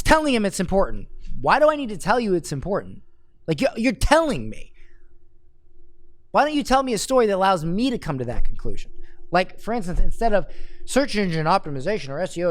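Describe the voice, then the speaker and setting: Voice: medium pitch, dry recording. A marketing coach giving a live, blunt critique of marketing copy, reading drafts aloud and picking them apart.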